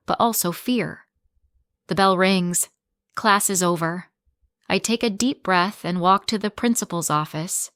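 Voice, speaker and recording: A woman narrating a graded English reader story in the first person, with slow, clear, simple phrasing for learners. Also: lowish voice, a bit bright, no room sound, clean studio sound.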